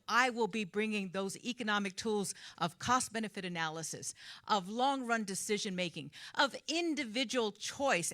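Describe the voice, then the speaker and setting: Bright, upbeat woman giving a campaign pitch. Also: no echo. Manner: upbeat and eager. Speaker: mayoral candidate. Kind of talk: short campaign speech to a live audience.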